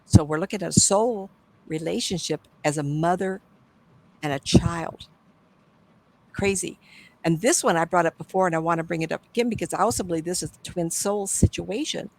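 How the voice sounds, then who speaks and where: An older woman, a psychic medium, telling stories in a casual interview, animated and acting out the people she quotes, often trailing off and starting over. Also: fairly low pitch, normal speed, pauses often, poor audio. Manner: animated, acts out quoted voices, trails off and restarts.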